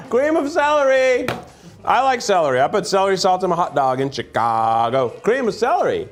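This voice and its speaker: A man's voice: sits high, sing-song, soft background music. A man hosting a casual food-tasting chat, joking and rambling and laughing easily between bites. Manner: jokey, rambling, quick to laugh. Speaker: host. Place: studio set with food conveyor belt.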